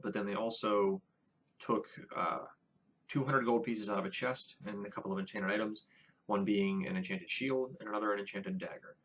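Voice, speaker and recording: Man, husky voice, on the low side, casual game recap vlog, rambly with lots of ums. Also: a bit bright. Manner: rambling, many fillers and restarts. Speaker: first-time dungeon master.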